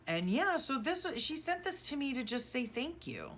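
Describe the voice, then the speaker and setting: A middle-aged woman vlogger rambles and gushes sentimentally as she goes through her craft keepsakes in a casual decluttering chat. Her voice sits high and sounds sing-song and a bit bright at a moderate pace, with a little hiss or hum in the background.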